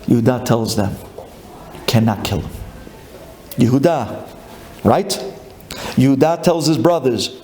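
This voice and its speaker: A man, a rabbi, giving a lively sermon, acting out a grumbling congregant and building up to shouted lines. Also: medium pitch, measured pace, pauses often, roomy sound, a little hiss or hum.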